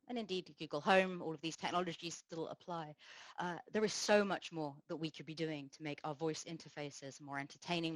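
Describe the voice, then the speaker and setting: Low-voiced woman giving a tech talk. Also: no echo, poor audio. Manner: explanatory, measured, frequent fillers. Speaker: conference speaker. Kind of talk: technical conference talk.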